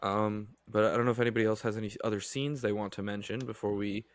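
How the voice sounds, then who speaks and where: A man with a fairly low voice guiding a casual film podcast, moving the discussion along calmly. The sound is close and dry, with no room echo around him. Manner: steers the talk, measured and agreeable. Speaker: podcast co-host.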